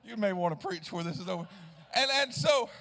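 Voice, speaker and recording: A man's voice: high voice, animated, a little fast, gravelly, fairly bright tone, long reverb tail, a little hiss or hum. A man, a traveling evangelist preaching a sermon in a church, telling a story with restarts and rising into a chanted preaching cadence. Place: church sanctuary.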